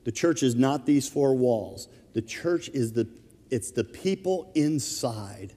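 A man preaching a sermon as minister of his church, telling a funny everyday story in a relaxed, conversational way. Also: mid-range voice, takes it slowly, long reverb tail. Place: church sanctuary.

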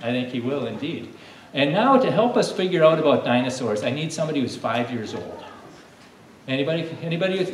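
A man leading a lively lesson for a room of children, coaxing them to call out answers like a coach. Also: on the high side. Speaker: children's teacher. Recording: echoey room, distant mic, faint hum.

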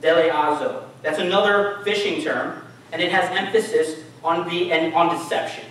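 A man's voice: on the high side, fairly even intonation, normal speed, fairly bright tone, a little hiss or hum. A man preaching a casual, conversational sermon in a church, asking the congregation questions. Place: church hall. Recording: echoey church hall, mic from far off.

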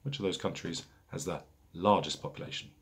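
Low, gravelly and husky, this man's voice leads a relaxed pub quiz. He says each question twice, slowly and carefully, and fills the gaps between rounds with chatty asides.

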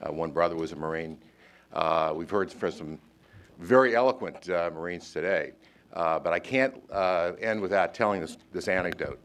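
An older man, a former naval officer hosting the event, telling a story with many pauses and filler sounds. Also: low-pitched, a bit bright. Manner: halting, lots of uhs. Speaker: event host. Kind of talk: closing remarks and anecdote.

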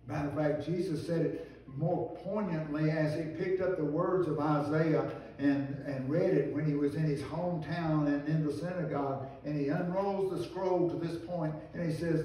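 Pastor, earnest pleading sermon delivery, mellow voice, heard from afar in a very roomy church. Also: male voice, fairly high pitch, steady tone, moderate pace, a little hiss or hum. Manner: earnest preaching with rising, pleading outcries. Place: church sanctuary. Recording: distant, very echoey church recording.

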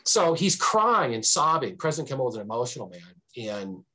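Male podcast guest, history professor; husky timbre, animated storytelling delivery, filler-heavy. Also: a little fast. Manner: animated, swings pitch for emphasis; frequent fillers and restarts. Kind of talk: conversational storytelling.

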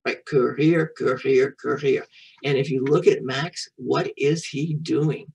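A woman's voice: a bass voice, fairly even intonation, measured pace, gravelly, darkish tone, distant mic, a little hiss or hum, poor audio. A woman reading a picture book aloud to a young child, patiently repeating French words and encouraging the child to say them back. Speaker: children's storyteller and French teacher.

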